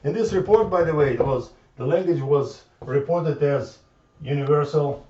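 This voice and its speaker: A man lectures informally, halting and circling back over his words as he works through his ideas. His voice is fairly high but mellow. It comes from far off in an echoey room on a dull, lo-fi recording. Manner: halting, repeats words, thinks aloud at the board.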